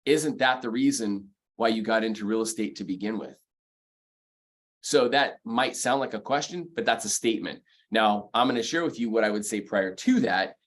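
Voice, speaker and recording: A man coaching mortgage professionals in a motivational sales training talk, speaking emphatically, repeating key phrases and counting off numbered points. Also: on the low side.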